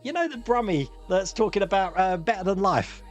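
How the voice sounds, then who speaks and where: Man, quiz host, high voice, jokey, laughs a lot. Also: animated, fairly quick, soft background music. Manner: jokey, laughs often, reads out multiple-choice options. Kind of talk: live-streamed pub quiz hosting.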